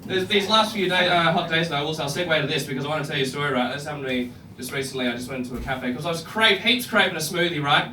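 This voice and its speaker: A man's voice: a little high, rapid-fire, few pauses, background noise. A young Australian man performing a live stand-up comedy set, crude and punchy, often laughing into his lines. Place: comedy club stage. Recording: roomy club, distant mic, crowd ambience.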